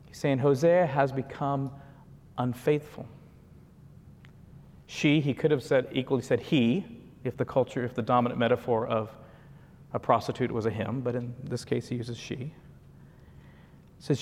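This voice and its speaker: A man's voice: mid-range voice, steady tone, moderate pace, long pauses, darkish tone. A man giving a conversational sermon, with frequent asides and chuckles. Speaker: preacher. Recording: long reverb of a large hall.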